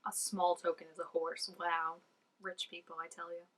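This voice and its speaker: A woman giving casual, excitable reaction commentary, full of "like" and dropping into soft asides. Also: on the low side, moderate pace, far from the mic, rough recording. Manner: chatty and excitable, peppered with "like", drops to soft asides. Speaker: reaction video host.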